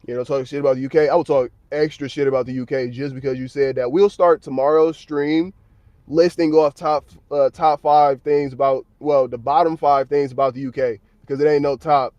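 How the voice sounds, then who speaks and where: A man's voice: medium pitch, fairly even intonation, fairly quick, darkish tone, dry recording, dull audio. Blunt, profane American man streaming. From United States. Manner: blunt, profane, slang-heavy. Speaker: livestreamer. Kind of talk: casual livestream chat. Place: parked car at work.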